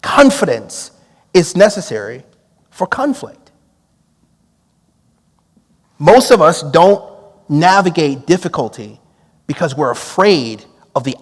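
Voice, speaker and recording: A man preaching a storytelling sermon, drawing on his time as a police negotiator and acting out the dialogue with lively energy. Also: high-pitched, in a large hall. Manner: animated, acts out quoted dialogue with laughs.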